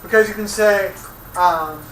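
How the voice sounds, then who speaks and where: A hoarse man teaching a classroom vocabulary lesson, joking and exasperated with his students. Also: high voice, a little slow, fairly bright tone, slight background noise. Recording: echoey classroom from far off.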